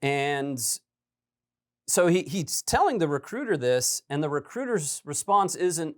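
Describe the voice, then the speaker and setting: A male podcast host talks through a recorded recruiting call in a relaxed, conversational way. He hedges often and keeps checking in with his guest. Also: a little high, a little slow. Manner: conversational, hedging with "right?" and "um". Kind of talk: podcast commentary.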